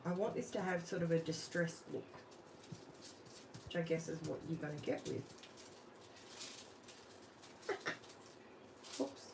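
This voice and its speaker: A woman's voice: deep voice, normal speed, creaky, long pauses, far from the mic. An Australian woman hosting a live crafting stream, chatting casually and thinking aloud while she works, asking viewers questions. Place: home craft room. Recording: off-mic with faint room noise.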